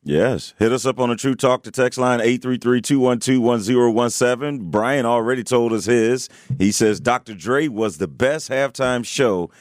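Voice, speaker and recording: A man's voice: medium pitch, dry recording, clean studio sound. Joking male radio co-host. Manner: chimes in with quick reactions and jokes. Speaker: radio morning show co-host. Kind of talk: casual radio banter. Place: radio studio.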